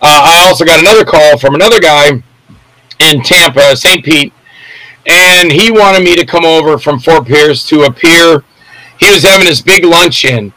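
A man's voice: on the high side, moderate pace, sharp tone, no echo, poor audio. An older man, an actor, telling rambling anecdotes in a casual interview and acting out the voices of people in his stories.

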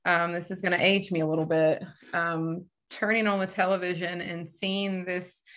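A woman's voice: fairly low pitch, a bit bright. A bubbly woman in her thirties, a professional wrestler chatting as a guest in an interview. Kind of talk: casual interview chat.

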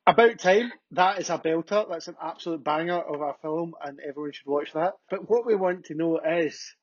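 A man's voice: fairly high pitch, fairly quick, no echo. A middle-aged man hosting a podcast, chatting with an enthusiastic manner. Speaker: podcast host. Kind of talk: casual podcast chat. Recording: dull, dry lo-fi sound.

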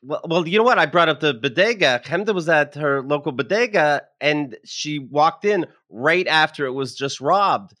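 Bright-voiced man hosting a podcast. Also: on the high side, lively intonation, moderate pace, few pauses. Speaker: podcast host. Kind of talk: casual chat, reading news aloud.

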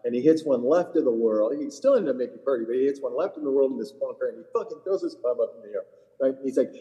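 A man's voice: medium pitch, lively intonation, fast, dark tone, long reverb tail, low-quality recording. A middle-aged man, a caddie co-hosting a podcast, telling stories in blunt, profane casual chat. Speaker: PGA Tour caddie, podcast co-host.

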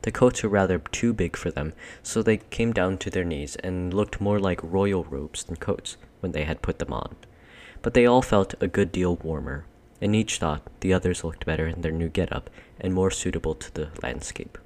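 A man reading a children's storybook aloud in a measured, expressive narration. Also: low-pitched. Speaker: audiobook reader.

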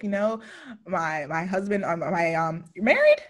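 A woman's voice: medium pitch, big pitch swings, normal speed. Chatty young woman hosting an interview. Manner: chatty, rambling, swears casually. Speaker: podcast host. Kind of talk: casual interview chat.

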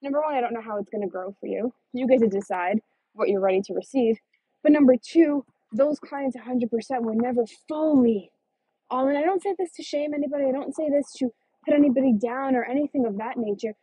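A woman business coach in a casual motivational monologue, emphatic, swearing freely, with a fast, punchy delivery. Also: high voice, warm tone, slightly rough, no room sound.

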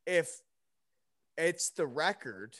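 A man's voice: on the high side, lively intonation, slow pace, noisy background. A young man telling a story in casual chat, rambling with lots of fillers and asides. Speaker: podcast guest.

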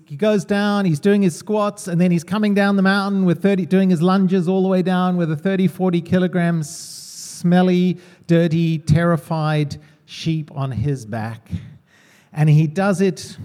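A man's voice: sits high, dark tone. A man preaching a sermon in a conversational way, asking the congregation questions.

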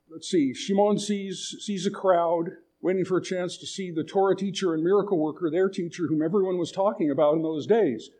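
A man's voice: sits high, dark tone. A man giving a sermon at a retreat, retelling a story in a conversational way with frequent restarts. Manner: conversational, restarts phrases, paraphrases a story aloud. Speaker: retreat speaker.

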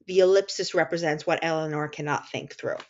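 New York woman podcast co-host, lowish voice, lively and explanatory, muffled recording. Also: fairly quick. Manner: animated, explanatory, laughs at own slips. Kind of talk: casual literary discussion.

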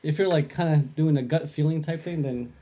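A man's voice: on the high side, fairly quick, background noise. A man co-hosting a casual sports podcast, speaking in a hesitant, easygoing way. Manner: hesitant, filler-heavy, easygoing.

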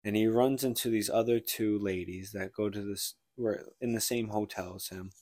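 A man's voice: lowish voice, steady tone, normal speed, mellow, dry recording, studio quality. A man co-hosting a casual podcast, retelling a book plot in a rambling way and acting out the characters' lines. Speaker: podcast co-host.

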